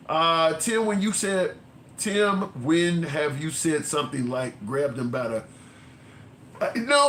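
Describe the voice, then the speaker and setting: Male streamer host, fairly high voice, casual profane political commentary, animated storyteller, roomy echo. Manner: animated, storytelling, swears freely, voice jumps up when incredulous.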